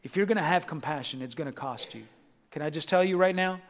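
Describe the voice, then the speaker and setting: A man preaching a sermon, swinging between raised, fervent delivery and hushed, intimate asides to the congregation. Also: fairly high pitch, fast. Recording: long hall reverb.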